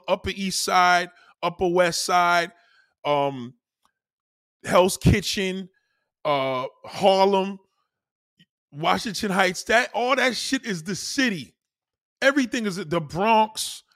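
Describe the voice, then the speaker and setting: Brief: young New York man, blunt profane rant, higher voice with a bright edge, dry close sound. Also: slow, pauses often, dry recording. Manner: blunt, profane, emphatic with repetition. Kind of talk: casual rant.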